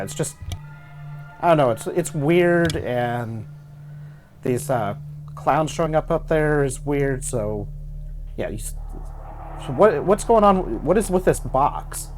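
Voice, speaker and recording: A man playing a tabletop role-playing game, speaking in a halting way with many pauses. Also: fairly high pitch, a little mellow. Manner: hesitant, halting with many uhs. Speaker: player. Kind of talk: tabletop role-play, in character. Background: background music.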